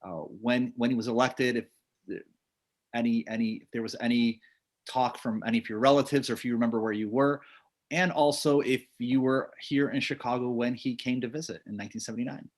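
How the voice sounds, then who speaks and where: A man's voice: mid-range voice, steady tone, a little fast. A man hosting a video call interview, putting questions in a hesitant way and restarting them. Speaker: interviewer host.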